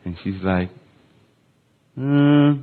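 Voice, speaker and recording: A man's voice: mid-range voice, lively intonation, very slow. A man in his thirties preaching a sermon, telling a story about his young daughter and then building to emphatic, impassioned peaks. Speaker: pastor. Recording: tinny phone-like sound.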